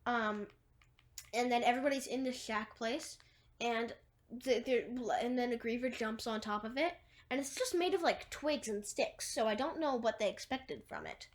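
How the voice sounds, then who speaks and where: A woman's voice: fairly high pitch, normal speed. A woman casually retelling a movie plot, rambling through long chains of "and then" and fillers, with wry asides. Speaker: movie recapper.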